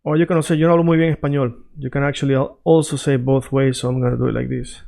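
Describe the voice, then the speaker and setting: A man teaching Spanish in a casual freestyle lesson, checking in with his listeners often and repeating phrases slowly to drill them. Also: mid-range voice, level tone, creaky, mellow. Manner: conversational, checks in often with "right?" and "all right?".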